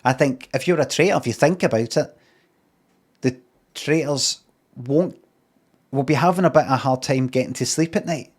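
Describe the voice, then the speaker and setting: A Scottish man impersonating a clever male TV panelist, musing aloud in a halting way. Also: medium pitch, lightly acted.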